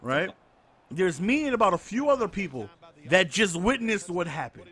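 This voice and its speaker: A man co-hosting a podcast, telling a story in casual chat, excitable and sarcastic, acting out the people he quotes. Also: sits high, moderate pace, husky. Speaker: podcast co-host.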